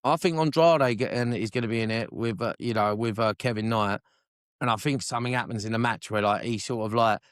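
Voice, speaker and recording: A man co-hosting a casual wrestling podcast, excitable and sweary, forever asking if you know what he means. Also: mid-range voice, a little fast, clear, resonant tone, no echo, studio quality. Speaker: podcast co-host. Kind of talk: casual wrestling review chat.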